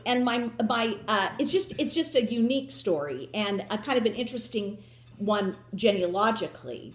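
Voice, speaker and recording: A woman's voice: medium pitch, roomy sound. A woman hosting a casual home chat, rambling with many restarts and drifting back with "so anyway". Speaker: host.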